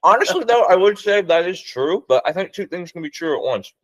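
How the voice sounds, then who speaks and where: Lively young man, casual host. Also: high voice, fairly quick. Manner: lively, short backchannels, joking. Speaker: podcast host. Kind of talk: casual chat.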